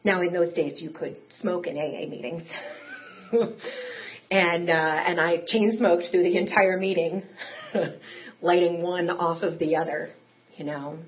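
A woman's voice: fairly low pitch, unhurried, pauses often. A woman telling her own recovery story in a candid, conversational way that rises into emotional peaks. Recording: tinny phone-like audio.

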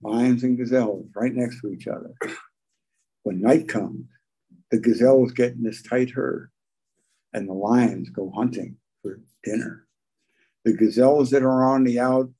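An older man telling his recovery story at a meeting, folksy and halting, with frequent pauses. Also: medium pitch, mellow, breathy edge, rough recording. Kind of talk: personal recovery talk.

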